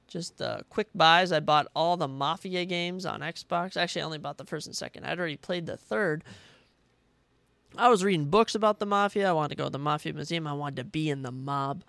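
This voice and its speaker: A young man hosts his own podcast and talks through his opinions in an eager, rambling way, often circling back to fix what he just said. His voice carries a gravelly rasp at the bottom. The sound is close and dry, with no room around it. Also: fairly high pitch, brisk, fairly bright tone, no room sound. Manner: enthusiastic, rambling, self-correcting. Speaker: podcast host. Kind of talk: solo casual chat.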